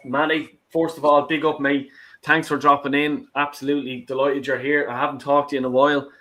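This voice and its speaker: A man's voice: mid-range voice, level tone, fairly quick, a bit bright. A man hosting a football call-in stream, ranting heatedly and swearing heavily, often repeating himself. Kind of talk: heated fan rant.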